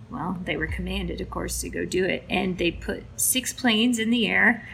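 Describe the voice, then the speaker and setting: A woman's voice: lowish voice, normal speed, gravelly, hardly any pauses, fairly bright tone, a little hiss or hum. A woman, a photographer guest on a podcast, telling a story in a casual way and acting out both sides of a conversation.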